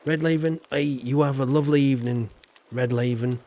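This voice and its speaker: Man, live streamer, casual rambling chat, middle pitch. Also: fairly even intonation, a little fast, mellow, a little hiss or hum. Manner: rambling and chatty, lots of fillers, reading chat aloud.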